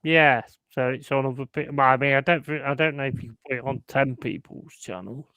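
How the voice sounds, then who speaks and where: A man's voice: mid-range voice, fairly quick, sharp tone, no room sound, highs cut off. Blunt, sweary man hosting a stream. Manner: blunt, sweary, jokey banter with chat. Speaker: live stream host. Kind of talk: casual stream chat.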